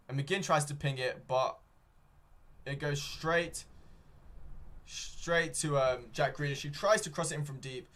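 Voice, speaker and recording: A young man with a fairly high, slightly bright voice does live fan play-by-play of a football match as a streamer. His watchalong commentary rambles, full of ums and self-corrections.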